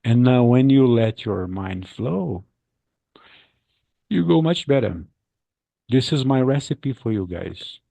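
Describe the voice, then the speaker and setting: A man hosting a casual English practice chat on a video call, animated, repeating his words and acting out what people say. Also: mid-range voice, slow, vocal fry, long pauses, no room sound, dull audio.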